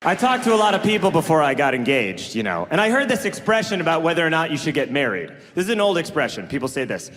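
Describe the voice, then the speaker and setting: A man's voice: a little high, very animated, quick pace, few pauses, fairly bright tone. A male stand-up comedian with an incredulous, questioning observational delivery, on a club stage. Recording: reverberant live venue with noise.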